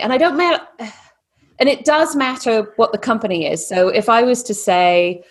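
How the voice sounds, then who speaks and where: A woman with a blended British and Texan accent that sounds Australian, speaking as a podcast guest in a lively, animated way. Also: fairly high pitch, moderate pace, husky. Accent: mixed British and Texan, sounds Australian. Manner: lively, animated storytelling with put-on voices. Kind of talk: casual podcast interview.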